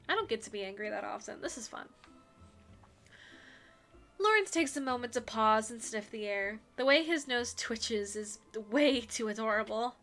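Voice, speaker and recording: A woman's voice: on the high side, animated, a bit bright, faint music behind. A woman streamer reading a dating game aloud with playful, chatty asides. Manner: playful, quick asides with laughter.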